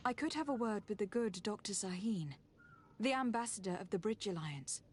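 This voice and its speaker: A woman voicing a composed female envoy in video game dialogue, measured in her speech. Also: mid-range voice, lively intonation, a little hiss or hum, close to an everyday voice.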